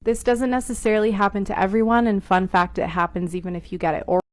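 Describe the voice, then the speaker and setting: A woman's voice: mid-range voice, steady tone, fast. A woman explaining her experience to camera point by point. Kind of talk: informative vlog talk.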